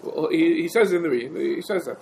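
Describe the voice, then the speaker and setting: A man teaches a halachic text in an animated lecture. He asks questions and answers them himself, in a fairly high voice. Faint room hum sits behind him. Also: fairly quick, vocal fry. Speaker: Talmud teacher. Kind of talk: yeshiva-style halachic lecture.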